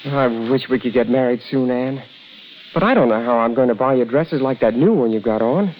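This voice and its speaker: A man's voice: medium pitch, a little fast, lightly acted. An earnest young sweetheart, played by a male actor in a 1930s radio commercial. He speaks plainly and sincerely. The recording is dull and lo-fi with faint hiss. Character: earnest young man in love.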